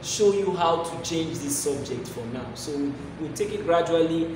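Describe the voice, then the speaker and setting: A slightly high-voiced man gives a maths lesson to a class, speaking at a moderate pace and leaning on rhetorical questions and repeated key phrases. Background noise is present, and he sounds far away in a hall full of echo.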